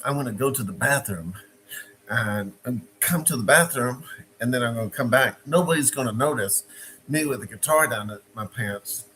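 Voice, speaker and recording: A man voicing a shifty young male friend who mutters in a hushed, furtive way while hiding a stolen guitar. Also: mid-range voice, normal speed, a little hiss or hum, natural voice, rough recording. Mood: scheming.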